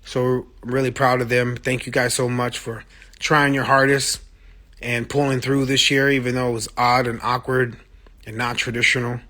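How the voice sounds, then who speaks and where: A male musician is live on his phone, giving a casual, blunt, profane monologue to fans and reacting passionately to their comments as they come in. His mid-range voice has little pitch movement, a sharp tone and a moderate pace.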